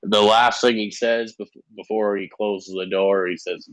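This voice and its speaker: Halting game master man, dry close mic. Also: fairly low pitch, fairly even intonation, no room sound, rough recording. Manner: halting, many fillers and restarts. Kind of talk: narrating a tabletop game.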